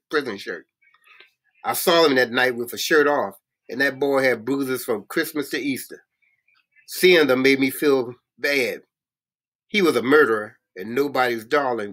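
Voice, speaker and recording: A man's voice: medium pitch, bright, forceful tone. Man reading a novel with stumbles. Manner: halting, frequent stumbles and restarts. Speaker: reader.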